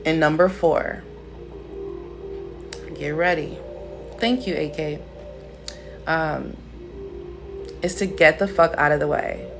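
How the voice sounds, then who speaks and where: A woman's voice: deep voice, slow pace, long pauses, over music. A woman hosting a casual spiritual livestream, talking in a blunt, profane, playful way.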